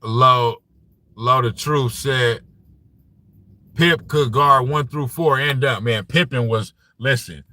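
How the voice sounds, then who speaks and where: A man with a mid-range voice and a measured pace hosts a casual basketball talk show on a live stream. He reads the chat and argues his points in an animated, profane way, often saying "you know what I'm saying."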